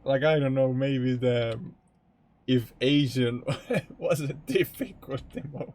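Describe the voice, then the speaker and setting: A man's voice: medium pitch, slow, darkish tone. A male streamer chatting casually during a game, often breaking into laughter. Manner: giggly, keeps breaking into laughter.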